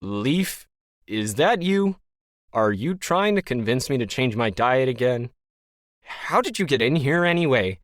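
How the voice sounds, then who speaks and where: A man's voice: mid-range voice, lively intonation, measured pace, no room sound, clean studio sound, lightly acted. Man voicing a self-righteous nervous everyman. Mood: indignant. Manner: demanding, indignant questions. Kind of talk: audiobook character voice.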